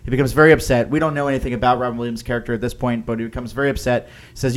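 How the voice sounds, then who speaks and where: A man co-hosting a podcast, talking through a favorite movie scene in a loose, casual way, often pausing with "um" and "like" and restarting his sentences. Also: mid-range voice, fairly even intonation. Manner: hesitant, lots of "like" and "um" with frequent restarts. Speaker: podcast co-host. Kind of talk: casual film-discussion chat.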